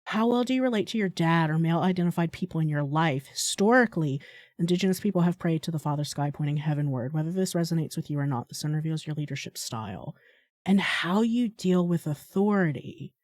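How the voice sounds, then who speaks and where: A woman's voice: low voice, expressive, a little fast, a little mellow, no echo, studio quality. A woman reading the lines of an eccentric astrologer woman in a horror game, speaking in solemn mystical pronouncements.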